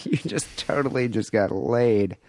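Male co-host with a low voice and a sarcastic, crude style, recorded dry. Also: expressive, measured pace, no room sound. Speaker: podcast host. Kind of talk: casual comedic chat.

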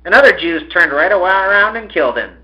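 A man's voice: high voice, lively intonation, fast, bright, forceful tone, voice pushed up, heavily acted. A blunt, sneering big boy who leads a street gang, as a man puts him on in a raised, pushed-up voice. The audio has a slightly muffled sound. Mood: scornful.

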